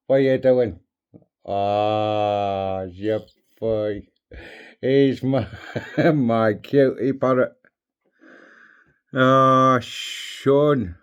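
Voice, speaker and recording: A man potters about, talking unhurriedly to his dog and parrot in soft, doting baby talk. His pitch sits in an ordinary middle range, and he sprinkles in kissing sounds. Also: fairly even intonation, very slow, pauses often, clear, resonant tone. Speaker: pet owner filming his dog and parrot. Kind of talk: casual chat with pets.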